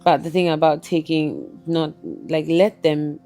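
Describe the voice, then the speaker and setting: Woman, podcast host, mother, chatty, animated storyteller, lowish voice, faint music behind. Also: unhurried. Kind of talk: podcast interview.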